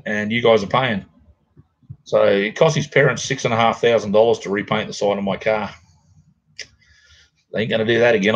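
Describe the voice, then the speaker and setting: A man's voice: fairly low pitch, slightly rough, muffled recording. A middle-aged Australian man rambling casually to viewers while hosting a livestream from home. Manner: rambling, laid-back, chatty with viewers. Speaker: livestream host. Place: home, near a garage.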